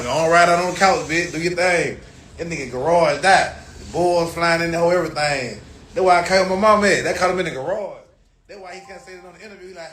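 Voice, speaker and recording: Man ranting loudly in an echoey room. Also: a little high. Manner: loud, animated storytelling full of cursing. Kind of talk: profane rant. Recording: echoey room, distant mic, faint noise.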